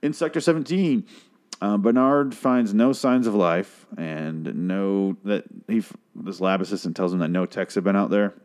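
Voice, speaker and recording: Deep-voiced sarcastic man recapping a show. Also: moderate pace, darkish tone. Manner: rambling, sarcastic, swears a lot. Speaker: TV episode recapper. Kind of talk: casual episode recap.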